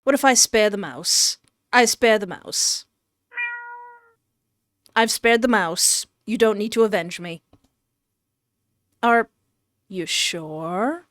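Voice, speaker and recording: Animated woman reading a horror game aloud. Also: fairly high pitch, no room sound, clean studio sound. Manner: animated, banters with the game's narrator; dramatic, slowed delivery when reading narration. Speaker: game streamer. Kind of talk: let's play commentary, reading game text aloud.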